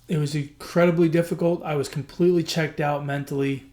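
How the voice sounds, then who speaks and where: A man's voice: medium pitch, darkish tone. A man hosting a podcast, telling a personal story in an earnest, emotional way, often repeating himself. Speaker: podcast host.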